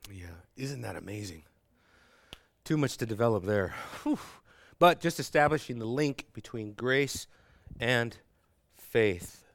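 A man's voice: fairly low pitch, smooth, no room sound. A man teaching theology to a classroom, talking conversationally with frequent fillers and rhetorical questions. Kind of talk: classroom lecture.

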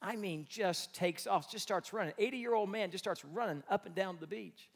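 A man preaching a sermon as pastor, animated, swinging between loud bursts and quiet, reflective stretches. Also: high-pitched, moderate pace, gravelly.

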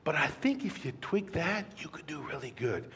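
A man voicing his old male football coach, speaking low and quietly with gentle encouragement. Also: big pitch swings, moderate pace, slight background noise. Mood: encouraging. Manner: hushed, kindly, low and quiet.

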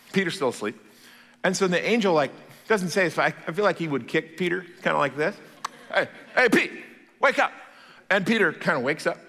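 Bright-voiced, animated male preacher. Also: on the high side, big-room sound. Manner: animated, playful storytelling. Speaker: pastor. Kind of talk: sermon. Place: church.

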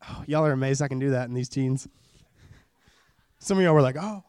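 A man's voice: mid-range voice, steady tone, a little fast, a little mellow, smooth, dry recording, clean studio sound. A young man in his twenties preaching a sermon at a church service, in a casual, joking way that repeats phrases for emphasis.

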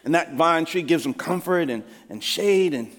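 Male pastor, high voice, earnest conversational sermon, big reverberant hall. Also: animated, normal speed.

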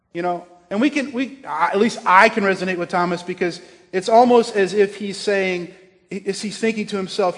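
Pastor, male, high voice; earnest and gentle sermon, pausing often, with a long church reverb. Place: church sanctuary.

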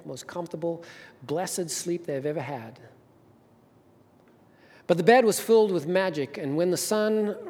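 Man preaching a sermon in a reverberant church hall. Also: on the high side. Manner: storytelling, rising to emphatic peaks then dropping soft. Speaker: pastor. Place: church sanctuary.

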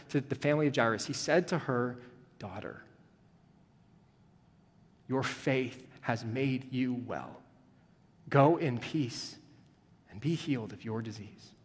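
A male pastor preaching a sermon, moving between hushed, tender passages and rising, urgent emphasis. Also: fairly high pitch, long reverb tail.

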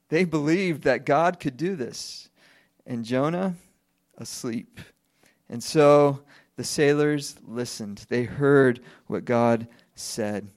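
A man in his thirties preaching a sermon at an ordinary middle pitch. He keeps it conversational, putting rhetorical questions to his listeners and laughing lightly as he goes. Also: slow pace, darkish tone. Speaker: pastor.

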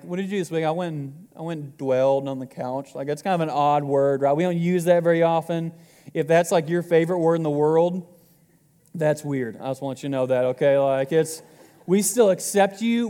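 A man's voice: a little high, mellow, clear, resonant tone, in a large hall. A man in his twenties preaching a sermon to his congregation in a casual, joking way. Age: 20s. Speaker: pastor.

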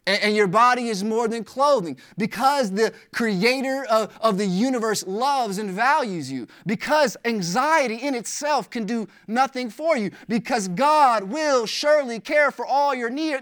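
A pastor delivering a sermon in an earnest, emphatic way. The voice returns to key phrases again and again and fills pauses with "uh". Pitch and loudness swing widely as points are pressed home. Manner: emphatic preaching with repeated phrases and frequent "uh" fillers.

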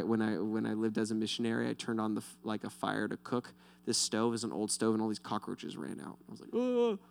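A man's voice: mid-range voice, creaky. A man pastor giving a casual, conversational sermon, talking straight to his listeners and often checking in with "right?". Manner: talks directly to listeners, often asking "right?".

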